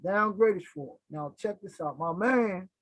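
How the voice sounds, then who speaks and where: A middle-aged man from Philadelphia spins stories in a casual interview, lively and playing out every voice he quotes. His voice is husky and the room sounds dry and close, with no echo around him. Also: sits high, measured pace. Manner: animated, acts out quoted voices, keeps checking in with "right?". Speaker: interview guest. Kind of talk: casual storytelling.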